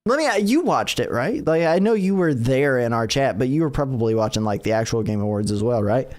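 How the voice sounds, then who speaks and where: A man's voice: mid-range voice, animated, brisk, a little mellow. A tired man hosting a casual podcast, rambling and laughing often as he chats. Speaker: podcast host.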